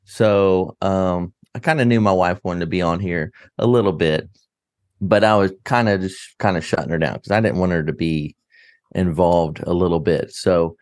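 A man with a low voice co-hosts a casual podcast. He speaks haltingly and searches for his words, pausing often. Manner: hesitant, halting, many fillers. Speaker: podcast co-host. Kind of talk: casual chat.

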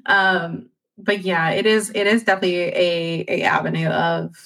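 A woman's voice: fairly low pitch, level tone, normal speed, vocal fry, a bit bright. A woman chatting casually on a podcast, rambling with many "like"s and restarts. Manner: rambling, heavy use of "like" and restarts. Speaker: podcast panelist. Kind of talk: casual chat.

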